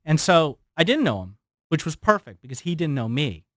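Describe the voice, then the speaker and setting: Animated storyteller man, fairly high voice. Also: a little fast, no room sound, studio quality. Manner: animated storyteller who acts out quotes. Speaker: guest, former FBI surveillance specialist. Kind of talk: radio interview storytelling. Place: radio studio.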